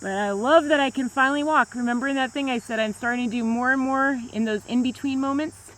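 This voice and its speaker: A woman's voice: high-pitched, steady tone, a little fast, a bit bright. A woman talking to a small camera outdoors on a grassy hill, in a rambling casual monologue full of "like" and restarts. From United States. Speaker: vlogger.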